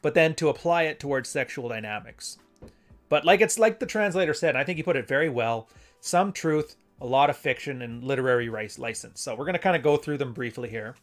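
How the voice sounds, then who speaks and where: A man in the middle of his usual pitch hosts a casual stream, talking things through in a loose, conversational way. He often restarts his sentences and reads longer passages aloud. Faint music plays softly behind him. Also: animated, fairly quick. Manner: rambling, conversational, self-correcting. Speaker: host. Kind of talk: casual live-stream commentary and reading.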